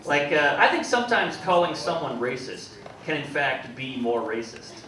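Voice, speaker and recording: A man in his twenties doing a stand-up comedy set with a wry, deadpan delivery, stumbling over quick restarts. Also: fairly high pitch, far from the mic. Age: 20s. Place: comedy club stage. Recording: echoey club heard from afar with loud room noise. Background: audience laughter.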